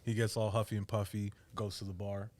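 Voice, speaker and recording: A man's voice: fairly low pitch, level tone, a little fast, a little mellow. A man who works as a tattoo artist, telling a profane story in a casual podcast chat.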